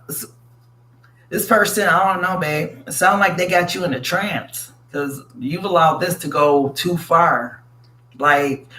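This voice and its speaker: Man, tarot reader, somewhat high voice, casual, blunt and profane, calls people sweetie. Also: a bit bright. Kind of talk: casual tarot reading to viewers.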